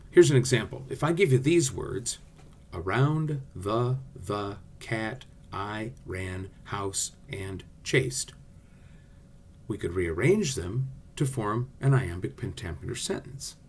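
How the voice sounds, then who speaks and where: A man's voice: medium pitch, sing-song, moderate pace, a little mellow, slightly rough. A male theatre teacher giving a friendly class video lesson, explaining directly to his students.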